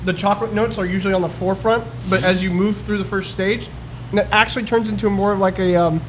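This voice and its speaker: A man's voice: high-pitched, steady tone, fast, a little hiss or hum. A man co-hosting a casual podcast chat, reading listener messages and hesitating with fillers. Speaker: podcast co-host.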